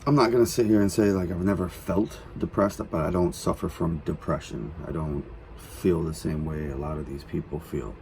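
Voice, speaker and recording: A man's voice: low-pitched, normal speed, creaky, few pauses, darkish tone, slight background noise. A man giving casual, rambling commentary while reacting to a song, with many fillers. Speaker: reaction video host.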